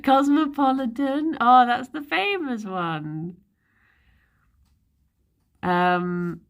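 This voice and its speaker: Young woman, slow, low-ish voice, casual rambling chat, frequent laughs. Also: lively intonation. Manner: chatty, rambling, laughs often. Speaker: livestreamer.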